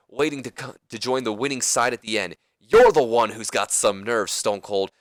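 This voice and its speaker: A man voicing a brash, cocky male wrestler who loudly taunts and challenges the champion in a wrestling game promo. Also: medium pitch, dry recording, studio quality, lightly acted. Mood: taunting. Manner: taunting, challenging, raised and loud.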